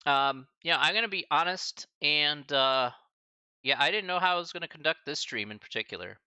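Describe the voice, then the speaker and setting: A man who teaches math on a live stream says goodbye to his students in an emotional farewell to the chat, halting and choked up with many restarts and sighs. His voice is on the high side, animated, bright, forceful and smooth, on a lo-fi recording with no echo, and he casually, warmly calls listeners "buddy" and "man."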